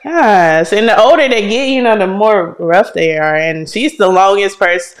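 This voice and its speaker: A woman co-hosting a casual podcast, telling stories with animated quotes and frequent laughter. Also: medium pitch, unhurried, background noise. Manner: animated storytelling, acts out quotes, laughs often. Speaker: podcast co-host. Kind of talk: casual chat.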